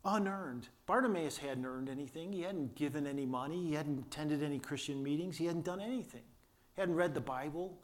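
Earnest older man preaching, restrained voice. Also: fairly quick. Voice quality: limited vocal power from vocal cord damage. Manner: storytelling, earnest, with many restarts and quiet low asides. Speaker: pastor. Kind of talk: sermon.

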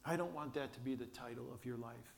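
An older man preaching a sermon, telling a story earnestly with restarts and quiet asides, his voice held back by vocal cord damage. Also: mid-range voice, fast, vocal fry, noisy background. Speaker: pastor.

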